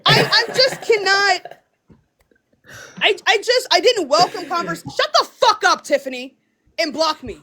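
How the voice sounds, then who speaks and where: A woman's voice: very high voice, animated, unhurried, pauses often, sharp tone. A young woman livestreaming, ranting angrily and hurling profane insults at her viewers. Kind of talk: live-stream rant.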